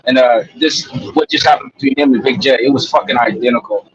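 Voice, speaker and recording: A man's voice: mid-range voice, steady tone, fairly quick, lo-fi sound, a little hiss or hum. A man on a live-stream panel, telling a rambling, profane story in casual chat.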